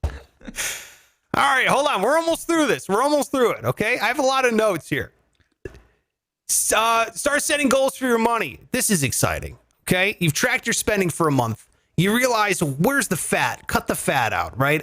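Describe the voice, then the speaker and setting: Male podcast host, comedic money talk, animated, higher voice. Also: normal speed. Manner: animated, swearing, joking rants. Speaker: comedy finance show host.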